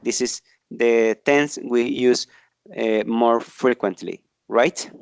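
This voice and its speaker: A man's voice: medium pitch, steady tone, slow pace, gravelly, darkish tone, smooth, no echo. A man teaching an online English grammar class, explaining patiently and often checking in with tag questions.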